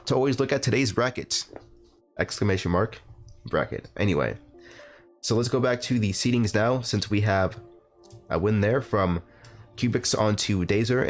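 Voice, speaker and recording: A man announcing a live online game tournament, talking in a rambling, halting way with lots of fillers and restarts. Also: on the low side. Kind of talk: live esports commentary.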